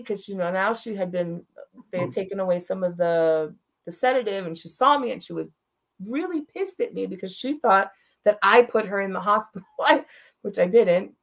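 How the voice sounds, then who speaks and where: A woman's voice: mid-range voice, a bit bright. Frank woman telling a personal story. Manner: frank, blunt, laughs through hard moments. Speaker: guest. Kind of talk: candid storytelling interview.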